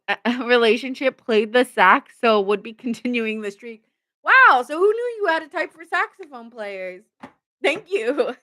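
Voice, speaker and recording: A woman's voice: on the high side, fairly bright tone. A young woman giving a casual live tarot reading. She rambles, laughs often and chats with her viewers. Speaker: tarot reader.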